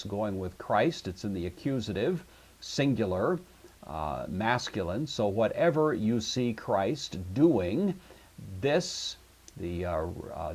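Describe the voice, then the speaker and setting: A low, husky male voice works through a grammar lesson at a steady, methodical pace. He thinks aloud as he goes and fills his pauses with "uh." The sound is calm and unhurried, like a classroom lecture. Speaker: Greek teacher. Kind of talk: recorded lecture on Greek grammar.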